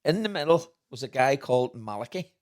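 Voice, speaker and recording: A middle-aged man, co-hosting a podcast and telling stories in a lively way, laughing often. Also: mid-range voice, a little fast. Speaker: podcast co-host, father. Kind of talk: casual storytelling chat.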